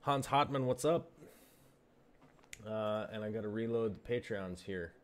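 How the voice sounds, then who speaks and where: Relaxed male stream host, low and smooth, rambly and casual. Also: unhurried. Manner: rambling, laid-back, many fillers. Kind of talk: casual live stream chat.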